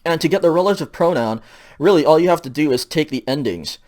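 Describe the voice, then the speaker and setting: A man giving a recorded lecture over slides, patient and explanatory, checking in often and filling pauses with ums. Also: fairly high pitch, lively intonation, darkish tone. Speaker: teacher.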